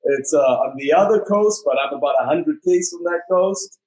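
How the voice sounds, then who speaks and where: A man's voice: on the high side, normal speed, a little mellow, rough recording. A man with a South African accent, an actor guest bantering and joking through an interview. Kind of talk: casual interview chat.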